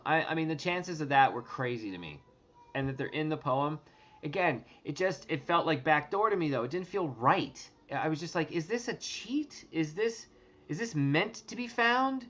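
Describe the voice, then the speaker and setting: A man talking casually to his viewers, rambling and excitable, swearing and restarting his sentences often. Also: a little high, dull audio. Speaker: treasure hunt vlogger.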